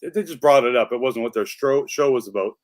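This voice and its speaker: A man's voice: mid-range voice, brisk, dry recording. A man co-hosting a livestream, talking casually and rambling with lots of "like" and restarts. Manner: rambling, chatty, full of "like". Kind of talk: casual chat.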